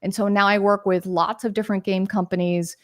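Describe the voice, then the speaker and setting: A woman's voice: mid-range voice, level tone, a little fast, no echo, studio quality. A woman in her forties, a podcast guest telling her career story in a chatty, rambling way with tangents and fillers. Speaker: podcast guest, games marketer. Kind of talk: casual interview storytelling.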